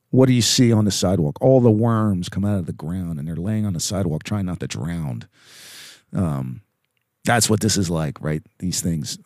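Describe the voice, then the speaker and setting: Male pastor, low voice, chatty sermon delivery, dry close recording. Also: darkish tone, dry recording. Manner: conversational preaching with fillers and tag questions.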